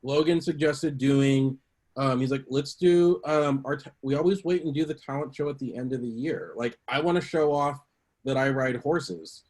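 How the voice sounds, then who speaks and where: A man shares an anecdote in a relaxed panel discussion. His pitch sits mid-range, and his delivery is chatty and conversational. He lifts his voice to act out quoted lines. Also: normal speed. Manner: chatty, acts out quotes with a lifted voice. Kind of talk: casual storytelling.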